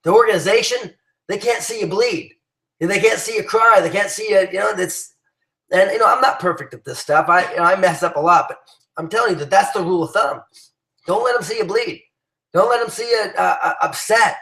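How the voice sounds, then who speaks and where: A man's voice: sits high, brisk, gravelly, fairly bright tone, roomy sound, rough recording. A man giving an emphatic motivational talk to his team, rallying them with many restarts and fillers. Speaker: business leader addressing his team.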